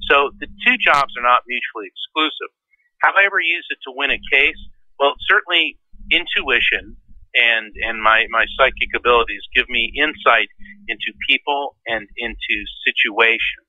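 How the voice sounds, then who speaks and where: Bright-voiced man telling stories in an interview. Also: normal speed, dry recording, highs cut off. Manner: animated storyteller, acts out voices in a high pitch. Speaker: guest, lawyer and medium. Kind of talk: interview storytelling.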